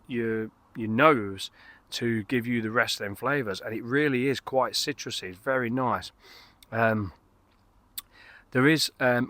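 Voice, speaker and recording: A man's voice: mid-range voice, pushed and bright, no echo. A middle-aged man, reviewing a beer outdoors in a casual, rambling, enthusiastic way, full of fillers and restarts. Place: outdoors in a garden.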